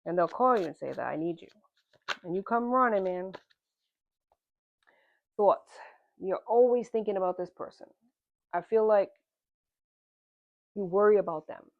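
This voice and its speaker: Speaking at normal speed with long pauses, a woman with a medium-pitched voice gives a tarot reading addressed directly to the viewer, plainly calling them "man" and "honey." The tinny, phone-like recording has no room sound.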